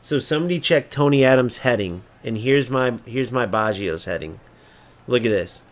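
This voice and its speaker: Moderate in pace and mid-range in pitch, this streamer furiously narrates his football video game as he plays. He curses without restraint, shifting between mocking the other side and grumbling under his breath between eruptions.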